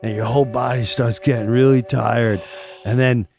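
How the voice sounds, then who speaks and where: A middle-aged man chatting casually on a podcast as a guest comedian, an animated storyteller who acts out voices and swings from loud bursts to near whispers. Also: mid-range voice, moderate pace, vocal fry, soft background music. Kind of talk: casual chat.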